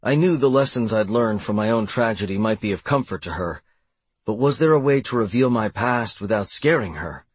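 Husky low-voiced male audiobook narrator. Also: expressive, moderate pace. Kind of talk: first-person novel narration.

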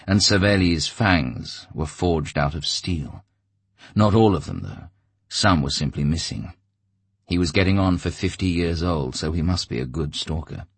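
A man reading an audiobook in steady, measured scripted narration. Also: rumbling low, slightly rough, no echo.

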